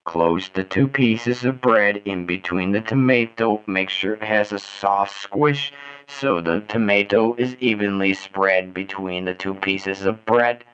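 A man voicing a deadpan male robot through a low voice-changer filter, reciting steps mechanically. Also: unhurried. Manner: deadpan, mechanical step-by-step delivery. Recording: dull lo-fi mic with faint hum.

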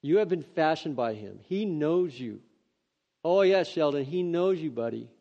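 A man with a fairly high voice reads scripture like a preacher, then breaks into earnest, chatty asides full of excitement. The recording sounds dull and lo-fi. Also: unhurried, gravelly. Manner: earnest, excitable, conversational asides between readings. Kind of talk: devotional scripture reading with commentary.

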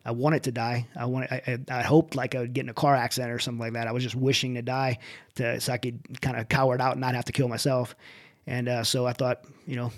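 Middle-aged guy talking quick, earnest and candid, keeps restarting his sentences. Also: medium pitch, level tone. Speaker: interview guest, veteran. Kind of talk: personal testimony in conversation.

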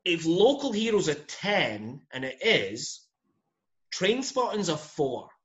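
A man's voice: a little high, sing-song, slow, muffled recording. A Scottish man in casual conversation, recommending films emphatically and often calling the listener "mate". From Scotland. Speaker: podcast guest recommending films. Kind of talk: casual chat.

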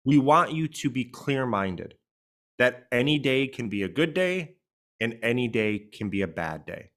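A man's voice: medium pitch, lively intonation, a little slow, a bit bright. A man co-hosting a grief podcast, his voice rising and falling a lot as he leans on the words that matter. He speaks earnestly and emphatically, in a plain conversational podcast style. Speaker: podcast co-host, grief coach.

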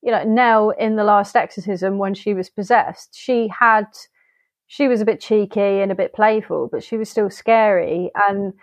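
A woman co-hosting a podcast in casual, animated chat, keen to act out what others said. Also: mid-range voice, moderate pace, no room sound. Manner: animated, chatty, acts out quoted lines. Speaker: film review podcast co-host.

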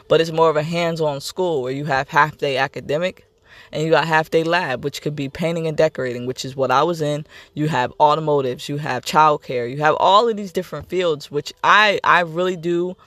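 A man's voice: a little high, fairly bright tone, no room sound. Candid man hosting a podcast. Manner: candid, rambling, repeats himself. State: getting emotional. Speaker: podcast host. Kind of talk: casual personal monologue.

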